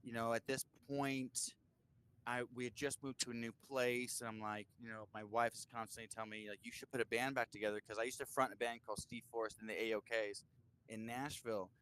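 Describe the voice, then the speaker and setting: A man's voice: mid-range voice, a little fast, clean tone. A man, a musician guest, telling stories in a casual interview, swearing freely and acting out other people's lines. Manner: animated storyteller, swears, acts out voices with lots of "like".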